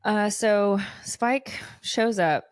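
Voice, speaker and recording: A woman co-hosting a podcast, chatting casually as she recaps a TV episode in an animated way. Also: medium pitch, very slow, dry recording. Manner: animated, acts out quoted lines with laughs. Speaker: podcast co-host.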